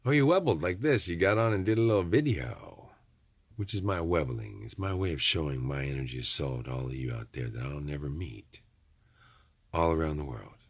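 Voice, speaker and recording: A man's voice: rumbling low, lively intonation, normal speed, breathy edge, no room sound. A middle-aged man, rambling in a folksy, preachy vlog monologue with joking asides. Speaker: vlogger.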